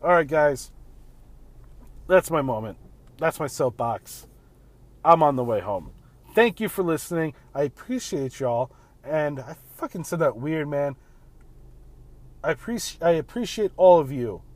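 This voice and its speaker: A man talks from behind the wheel in a loose, blunt monologue full of swearing. His voice sits a little high. The sound is close and dry. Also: lively intonation, unhurried, long pauses, dry recording. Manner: blunt, profane, ranting, keeps saying "man". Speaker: podcast host. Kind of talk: casual monologue while driving. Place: in a car.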